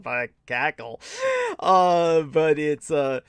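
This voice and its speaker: A man's voice: mid-range voice, animated, moderate pace, vocal fry, dry recording, clean studio sound. A man hosting a casual livestream chat, talking in a rambling way with many stammers and restarts. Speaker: host.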